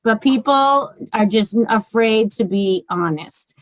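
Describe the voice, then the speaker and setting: A woman's voice: on the high side, slow, dry recording, low-quality recording. A woman in her forties with a Boston accent, chatting on a podcast as a guest author, blunt and swearing freely. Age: 40s. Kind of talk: casual podcast chat.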